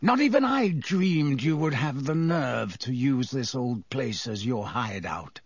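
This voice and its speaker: A man voicing a cold, vengeful male schoolteacher with a silky, contemptuous, slow menace. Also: medium pitch, expressive, husky, dry recording, clean studio sound. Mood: sneering.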